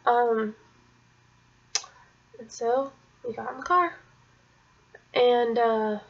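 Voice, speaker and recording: Young woman, gravelly fry, chatty rambling story, muffled lo-fi sound. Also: fairly high pitch. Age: young adult. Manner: rambling, chatty, drops to a whisper at painful parts. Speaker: vlogger. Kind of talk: casual storytelling to camera.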